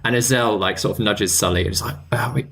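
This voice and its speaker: A man narrating a tabletop game as game master, in a casual, halting way. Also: fairly low pitch, fairly bright tone. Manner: casual, hesitant with fillers.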